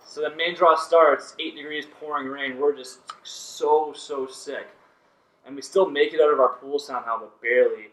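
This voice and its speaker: A man's voice: a little high, steady tone, moderate pace, a bit bright, distant mic. A man, a volleyball player, telling stories casually as a podcast guest, laid-back and full of "like" and "you know". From Canada. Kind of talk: casual storytelling. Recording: roomy, from off-mic.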